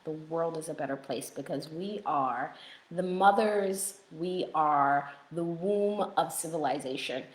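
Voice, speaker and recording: A woman's voice: low voice, measured pace, reverberant, low-quality recording. A middle-aged American woman, a weight-loss coach, chatting casually on a live stream in a playful, motivational way and laughing often.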